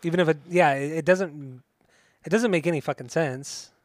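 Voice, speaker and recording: Excitable man on a music podcast. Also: fairly high pitch, moderate pace, dry recording, studio quality. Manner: profane, bursts into singing along. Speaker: podcast co-host. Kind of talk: casual music podcast chat.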